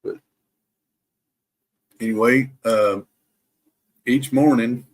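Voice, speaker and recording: Man, Bible live stream host: slow, careful scripture reading, mid-pitched voice, casual between passages. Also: fairly even intonation. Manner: slow, deliberate reading, careful to pronounce every word. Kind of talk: reading scripture aloud and chatting with viewers.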